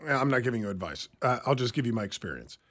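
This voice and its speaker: A man's voice: medium pitch, big pitch swings, very fast, fairly bright tone. A man co-hosting a talk radio show, chatting casually and opinionatedly, often stumbling over restarts.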